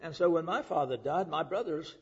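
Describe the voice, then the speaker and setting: A middle-aged male preacher delivering a sermon, rising to loud emphasis and dropping to hushed, whispered lines. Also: a little high, lively intonation, brisk, gravelly, slightly rough. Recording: dull lo-fi recording.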